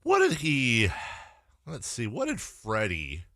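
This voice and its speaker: A man's voice: mid-range voice, wildly swooping pitch, slow pace, fairly bright tone, dry recording. A man hosting sports talk radio, opinionated and thinking aloud on a studio microphone.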